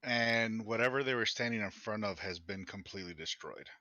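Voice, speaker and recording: A man runs a tabletop game as dungeon master, laying out scenes slowly and stopping for fillers. His low voice has a bright edge. The recording sounds dull and lo-fi. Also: no room sound. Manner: slow, halting descriptions with fillers.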